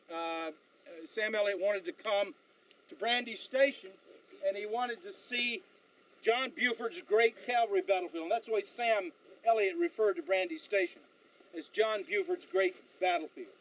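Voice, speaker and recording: A man leading a battlefield tour outdoors, telling stories in an animated way with frequent fillers and restarts. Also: sits high, rough recording. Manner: animated storyteller, halting with fillers. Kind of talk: outdoor guided tour talk.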